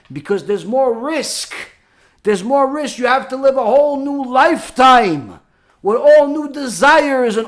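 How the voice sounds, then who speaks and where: A man preaching a sermon as a rabbi, impassioned and scolding, rising to shouts for emphasis. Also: very high-pitched.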